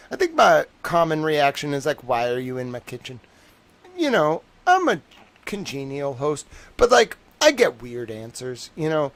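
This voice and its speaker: Rambling, animated young man chatting. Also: a little high. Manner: meandering, lots of "like" and "I don't know"; wry, laughs between stories. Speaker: livestream host. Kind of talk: rambling casual chat.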